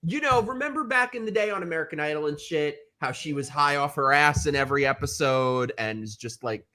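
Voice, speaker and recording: A man's voice: fairly high pitch, a little fast, pushed and bright. A man hosting a casual panel chat on a video call, telling rambling gossipy stories. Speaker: host.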